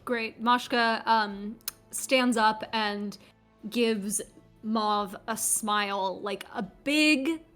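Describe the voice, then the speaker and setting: A woman playing a tabletop game, narrating her character's actions in a dry, deliberate way. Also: on the high side, a bit bright, soft background music. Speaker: player.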